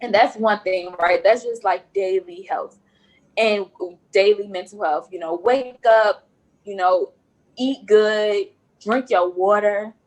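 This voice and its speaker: A woman's voice: mid-range voice, slow pace, low-quality recording. A woman nurse speaking as a guest on a podcast, earnest and repeating phrases for emphasis. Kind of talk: podcast interview.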